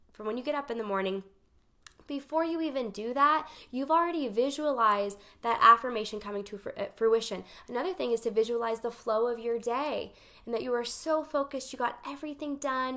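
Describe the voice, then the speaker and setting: A woman's voice: high voice, a bit bright. A woman coaching on focus in a chatty, emphatic talk to her viewers, acting out her own inner voice as she goes. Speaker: life coach. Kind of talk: casual talk to camera, live session.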